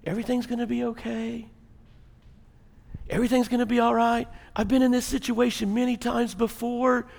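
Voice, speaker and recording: A man voicing a calm male air traffic controller in a soft, reassuring tone. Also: high voice, a little slow, gravelly, slightly rough, heavily acted. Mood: soothing. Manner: soothing, hushed and reassuring.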